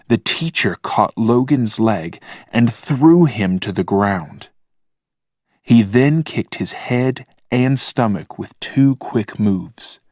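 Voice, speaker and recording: Slow, deliberate male storyteller. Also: fairly low pitch, dry recording, clean studio sound. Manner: calm, plain, deliberate. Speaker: narrator. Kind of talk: slow scripted narration for language learners.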